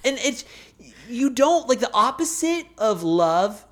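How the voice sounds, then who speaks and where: A woman's voice: on the high side, sing-song, takes it slowly. A woman co-hosting a casual recap chat, sarcastic, swearing and acting out quotes in put-on voices. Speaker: podcast co-host.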